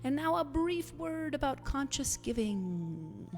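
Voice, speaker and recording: A woman's voice: sits high, sing-song, slow pace, in a large hall, soft background music. A woman preaching an emphatic, uplifting spiritual sermon who now and then breaks into song. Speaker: spiritual minister.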